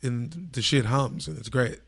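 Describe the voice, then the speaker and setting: A man co-hosting a casual sports chat with friends, joking and slangy, talking in quick bursts. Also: mid-range voice, creaky, husky. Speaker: podcast co-host.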